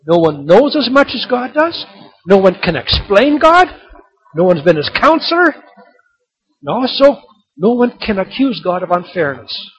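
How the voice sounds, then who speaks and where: A middle-aged man preaching a sermon, animated and rising to emphatic points. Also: high-pitched, slightly rough. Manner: animated, rising to emphatic shouts on key lines. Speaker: pastor. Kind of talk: sermon with told jokes. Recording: dull lo-fi sermon recording.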